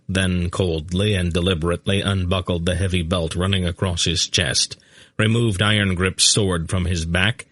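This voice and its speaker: A man narrating a fantasy audiobook in a steady, measured reading. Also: deep voice, no room sound, studio quality.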